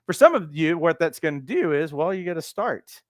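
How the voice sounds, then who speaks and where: High-voiced animated male coach. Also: normal speed, no echo, studio quality. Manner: animated, acts out quoted voices. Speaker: life coach trainer. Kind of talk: motivational teaching talk.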